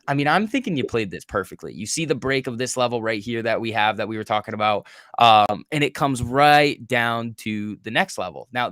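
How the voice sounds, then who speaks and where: A man co-hosts a live trading stream and explains chart levels step by step in a loose, casual way. His voice sits at a middle pitch. The sound is dry and close, with no room around it. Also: a bit bright, dry recording. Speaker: trading educator co-host.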